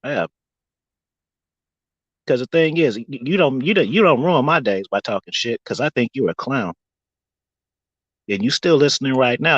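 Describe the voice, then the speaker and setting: A man livestreaming in a casual rant, animated and mocking, breaking into laughter often. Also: medium pitch, normal speed, pauses often, slightly rough, no echo, lo-fi sound.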